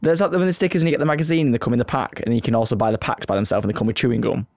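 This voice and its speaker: A man in his twenties co-hosting a podcast, teasing his friend with quick, giggly reactions. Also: mid-range voice, darkish tone, no room sound, studio quality. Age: 20s. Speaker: podcast co-host. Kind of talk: casual banter.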